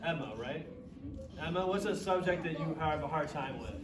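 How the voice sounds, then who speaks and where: A man's voice: fairly high pitch, expressive, moderate pace, crowd noise. Encouraging man hosting a children's group. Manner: encouraging, asks the kids lots of questions. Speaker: children's program host. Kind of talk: leading a children's group lesson. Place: large room with children. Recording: echoey room, distant mic, dull, children around.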